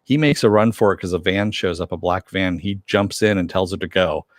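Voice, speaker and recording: A man's voice: deep voice, fairly quick, dry recording, clean studio sound. A man casually recapping a TV episode, rambling with many fillers and self-corrections. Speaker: TV show reviewer.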